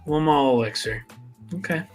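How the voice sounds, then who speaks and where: A man co-hosting a live stream, chatting casually with quick self-deprecating asides. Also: on the high side, darkish tone, faint music behind. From United States. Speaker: co-host of a fragrance live stream. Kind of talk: casual chat.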